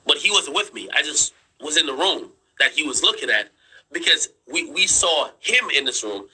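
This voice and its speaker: A man's voice: fairly high pitch, lively intonation, normal speed, bright, forceful tone, breathy edge, low-quality recording. A man telling his viewers a story in casual chat, insistent, repeating himself and swearing freely as he explains. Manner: draws on screen while explaining. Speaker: streamer and commentator.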